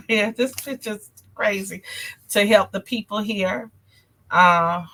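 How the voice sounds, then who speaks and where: A woman's voice: medium pitch, fairly bright tone. A woman from North Carolina with a country twang, hosting a casual political talk show and chatting with viewers. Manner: chatty, addresses viewers as y'all, reads comments. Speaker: show host.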